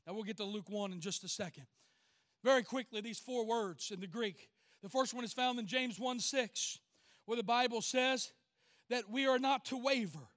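A man preaching a sermon in church, calling out to the congregation and rising to shouts. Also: extremely high pitch. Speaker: pastor.

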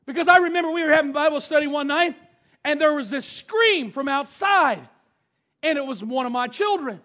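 A man's voice: very high-pitched, expressive, normal speed, pushed and bright. A middle-aged man preaching a sermon, reading scripture and telling stories from family life. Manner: storytelling, reads scripture aloud and retells it. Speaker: pastor. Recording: dull lo-fi sound.

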